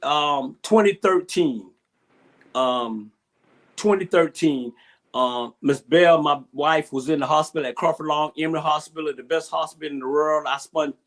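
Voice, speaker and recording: A man's voice: on the high side, a bit bright. A middle-aged man telling a personal story as an interview guest on a video call, emotional, repeating himself and restarting often.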